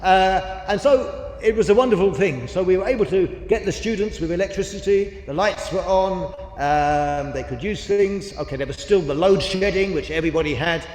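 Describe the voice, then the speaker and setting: A man's voice: high-pitched, normal speed, a little mellow. A man, preaching and telling a story with lots of quoted dialogue. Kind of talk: sermon. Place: large church hall. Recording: echoey church hall with long reverb.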